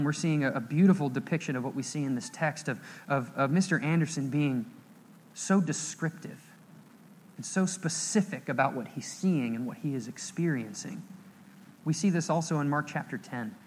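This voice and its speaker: Animated young male preacher, higher voice. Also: normal speed, big-room sound, a little hiss or hum. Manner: animated storytelling, acting out quoted scenes with raised voice. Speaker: pastor. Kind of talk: sermon. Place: church.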